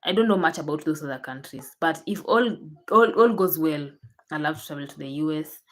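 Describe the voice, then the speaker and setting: Low-voiced Kenyan woman vlogging. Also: lively intonation, brisk. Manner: chatty, repeats herself, frequent restarts. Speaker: YouTuber. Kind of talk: casual chat to camera.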